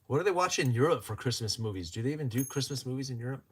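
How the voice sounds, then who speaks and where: A man's voice: medium pitch, expressive, very fast, husky. A man hosting a casual livestream, chatting and joking as he reads viewer comments aloud and laughs often. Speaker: livestream host.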